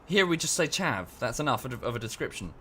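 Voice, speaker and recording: A man's voice: medium pitch, sing-song, quick pace, pushed and bright, slight background noise. A young English man chatting casually with his stream chat while playing a strategy game, often correcting himself mid-sentence. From England. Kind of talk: casual livestream chat over gameplay.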